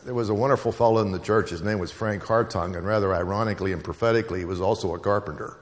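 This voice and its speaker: A man's voice: on the low side, rapid-fire, big-room sound. A man preaching a sermon, telling stories and hammering home repeated phrases. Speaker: pastor.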